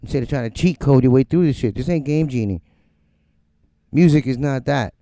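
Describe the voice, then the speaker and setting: A man's voice: medium pitch, brisk, dry recording. A middle-aged man hosting a music livestream from his home studio, ranting bluntly and profanely. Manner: blunt, profane, animated, mocks others in quoted voices. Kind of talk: casual live-stream rant.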